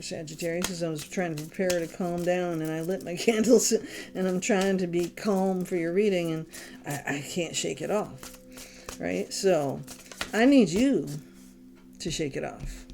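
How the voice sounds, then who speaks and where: A woman's voice: lowish voice, unhurried, creaky, darkish tone, faint music behind. A woman giving a casual tarot reading, blunt and exasperated, swearing freely as she talks straight to the listener. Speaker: tarot reader. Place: home, candles lit.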